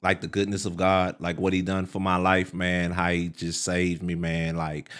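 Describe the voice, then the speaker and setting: Deep-voiced Texan man telling his story. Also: moderate pace, clean tone. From Port Arthur, Texas. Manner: excited storytelling, says "man" often. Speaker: podcast guest. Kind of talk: casual interview talk.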